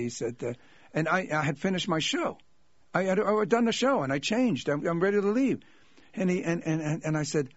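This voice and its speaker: A male comedian telling anecdotes in an animated way, acting out the people in his stories. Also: a little high, fairly quick, no room sound, dull audio. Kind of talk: anecdotal storytelling.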